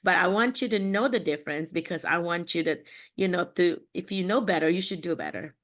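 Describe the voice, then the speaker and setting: A woman's voice: fairly low pitch, a little fast, a bit bright. A woman from the Philippines, mentoring teachers on a video call and checking in often with "okay?" and "you know".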